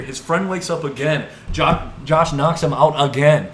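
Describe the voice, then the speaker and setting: This podcast co-host, a man in his twenties, has a higher-pitched voice at a moderate pace with hardly any pauses. He rambles animatedly through stories, saying "like" and "dude" a lot, in an echoey, noisy room.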